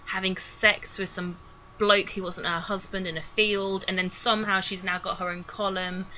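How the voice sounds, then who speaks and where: A woman's voice: medium pitch, level tone, normal speed, pushed and bright, highs cut off, a little hiss or hum. A British woman, a podcast guest, chatting casually and scathingly. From United Kingdom. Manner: chatty, scathing about public figures.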